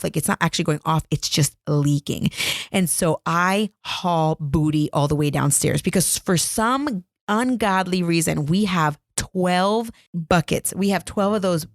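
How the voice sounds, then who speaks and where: A woman's voice: deep voice, vocal fry, dry recording. A woman in her thirties hosting a podcast, telling a story in a chatty, self-mocking way into a close microphone. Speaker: podcast host. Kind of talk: casual storytelling. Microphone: close podcast mic.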